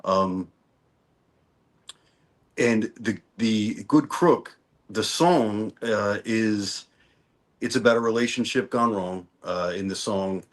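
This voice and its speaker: A man from New Orleans, Louisiana, a songwriter guesting in a casual interview, speaks in a lowish voice, slowly and with frequent pauses. His storytelling is relaxed, full of restarts and repeated words.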